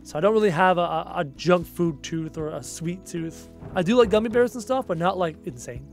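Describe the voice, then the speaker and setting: A man's voice: sits high, expressive, brisk, faint music behind. A young Canadian man with a Canadian accent, chatting casually on a gaming livestream, thinking aloud and answering viewer comments. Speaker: livestream gamer.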